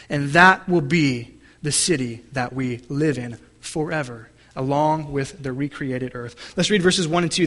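Man preaching a sermon, kinda high voice, throws questions at the church, slows down on the big words. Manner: asks the congregation questions, varies pace and loudness. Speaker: pastor.

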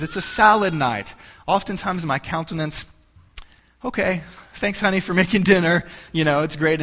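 A man's voice: on the high side, fairly bright tone. Conversational male pastor preaching. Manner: conversational, humorous, many restarts. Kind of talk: sermon.

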